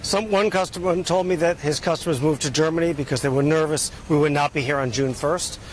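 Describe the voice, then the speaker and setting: A man's voice: fairly high pitch, fairly quick, slight background noise. Upbeat man fielding interview questions. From United States. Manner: upbeat, talks in figures, frequent "uh" fillers. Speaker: export bank chairman, interview guest. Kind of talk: news interview answers.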